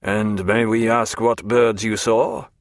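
A man doing a cold, measured interrogating major. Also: lowish voice, level tone, dry recording, clean studio sound. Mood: stern. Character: stern interrogating army major, middle-aged man.

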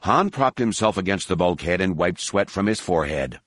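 Male audiobook narrator, measured and steady, low register, dry booth sound. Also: no echo. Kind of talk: scripted narration.

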